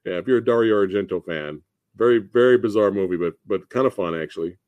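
Brief: male host, casual chat, animated pitch, dry close sound, jokey and laughing. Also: normal speed, no echo. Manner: laughs often, loose and joking.

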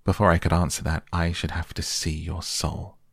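A man's voice: sits low, flat delivery, moderate pace, gravelly, no echo, studio quality. A man reading as an earnest painter pleading with a friend. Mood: urgent pleading. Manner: urgent, pleading, reproachful. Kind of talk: softly read bedtime audiobook.

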